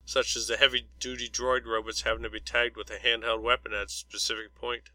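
A man reading a story aloud as narrator, in an even, unhurried storytelling way. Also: medium pitch, no room sound, low-quality recording. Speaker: audiobook narrator. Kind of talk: scripted narration.

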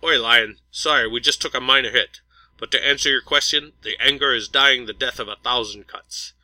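A man voicing a brisk male starship commander with an English accent, talking in clipped, upbeat radio bursts. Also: medium pitch, bright, forceful tone, no room sound, low-quality recording.

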